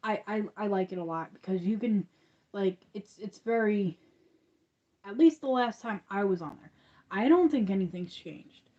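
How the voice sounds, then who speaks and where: Woman, casual livestream host, soft warm tone, rambling delivery, muffled lo-fi sound. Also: mid-range voice, animated, moderate pace. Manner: rambling, restarts with many fillers. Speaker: crochet channel host.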